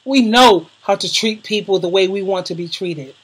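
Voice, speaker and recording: In casual vlog talk, a woman YouTuber recommends videos to her viewers, gushing and emotional, leaning on slangy emphasis and calling them darling. Her voice is medium-pitched with a breathy edge and a moderate pace, and the recording quality is low.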